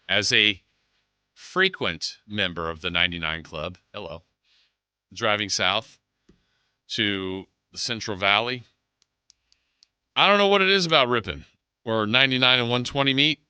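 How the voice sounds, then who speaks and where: Deep, bright-toned man hosting sports radio. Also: expressive, measured pace, pauses often, clear, resonant tone, no echo. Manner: rambling, thinks aloud. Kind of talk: casual sports radio talk.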